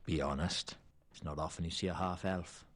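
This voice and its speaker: An actor with a Welsh accent playing a surly half-elf bartender in a game, gruff and curt. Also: male voice, low-pitched, fairly even intonation, moderate pace, a bit bright. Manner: curt and evasive. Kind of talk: video game voice acting.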